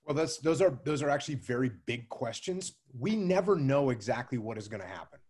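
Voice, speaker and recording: A man answering interview questions about leadership in a measured, emphatic way, often repeating key phrases. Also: mid-range voice, animated, a little mellow, breathy edge. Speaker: guest speaker on leadership.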